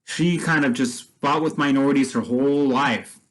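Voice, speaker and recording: A man's voice: medium pitch, steady tone, moderate pace, low-quality recording. A man casually retelling a film story as a vlogger, rambling with many restarts and fillers.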